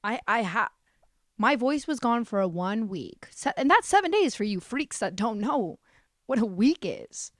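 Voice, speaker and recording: Sarcastic young woman with a lively, swinging voice. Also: on the high side, a little slow, no echo, studio quality. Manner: self-deprecating, sarcastic, swears a lot. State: a bit sick, stuffy. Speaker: podcast host. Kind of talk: casual solo podcast monologue.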